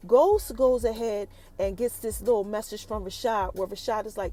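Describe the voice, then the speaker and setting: A woman hosting a podcast, recapping a TV episode in a lively, chatty way and talking straight to her listeners. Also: mid-range voice, normal speed, hardly any pauses, soft background music. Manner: animated, chatty, addresses listeners directly. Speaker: podcast host.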